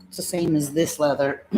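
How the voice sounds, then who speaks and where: A woman's voice: low-pitched, measured pace, gravelly, warm tone, slight background noise. A middle-aged American woman hosting a livestream, telling rambling family stories in a casual, chatty way and slipping into voices of her relatives. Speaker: livestream host selling bags.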